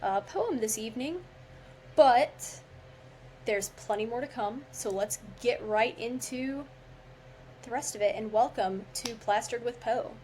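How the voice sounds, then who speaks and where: A woman's voice: on the high side, measured pace, a little mellow, a little hiss or hum, low-quality recording. A woman podcast host reading a poem aloud with theatrical flair, tripping over words now and then, then chatting casually with lots of filler. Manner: theatrical recitation with stumbles, chatty filler-heavy talk after. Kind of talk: dramatic poetry reading then casual chat.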